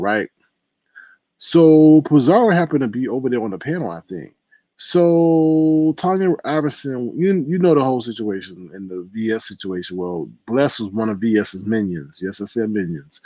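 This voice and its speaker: Male host, casual commentary, laughs often, very expressive pitch. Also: no echo. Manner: chatty, laughing, drawn-out exclamations.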